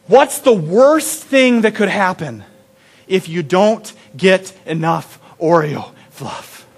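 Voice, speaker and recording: Youthful male pastor, high-pitched, storytelling sermon, animated with hushed moments. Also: takes it slowly, pauses often. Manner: animated, dropping to a hushed intimate tone.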